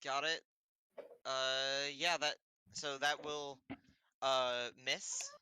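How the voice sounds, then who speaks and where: A man acting as game master, patiently explaining rules and filling pauses with ums while he looks things up. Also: medium pitch, fairly even intonation, bright, forceful tone, clean tone, no room sound, low-quality recording. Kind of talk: running a tabletop game online.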